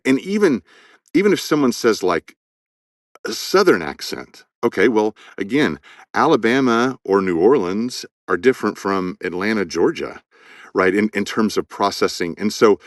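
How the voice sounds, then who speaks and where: Deep-voiced male audiobook narrator. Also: dry recording, clean studio sound. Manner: thoughtful, repeats words while building a point. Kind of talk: conversational interview.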